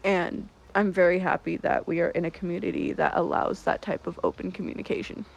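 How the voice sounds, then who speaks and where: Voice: mid-range voice, steady tone, brisk, creaky, slight background noise, low-quality recording. An interview guest speaking casually, agreeing readily and offering encouraging advice. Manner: agreeable, encouraging, chimes in with short affirmations. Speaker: interview guest, roleplay player.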